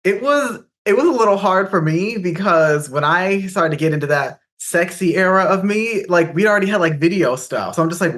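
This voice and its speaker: A man's voice: high voice, lively intonation, a little fast, few pauses, fairly bright tone. A man co-hosting a podcast, chatting in a playful, cheeky way. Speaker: podcast co-host. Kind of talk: casual chat.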